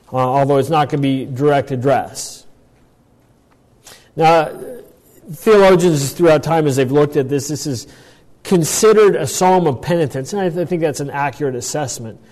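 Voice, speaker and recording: A pastor with a darkish, somewhat high voice teaches a Bible passage, explaining it phrase by phrase. He's thoughtful, restarting often and drifting into asides. The sound echoes with long reverb, as if in a hall.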